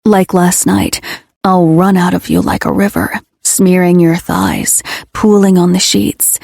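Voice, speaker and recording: A woman voicing a brooding, possessive young man in a romance audiobook, his voice hoarse, low and growly, blunt and commanding. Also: animated, a little slow, darkish tone, no room sound, studio quality, exaggerated voice.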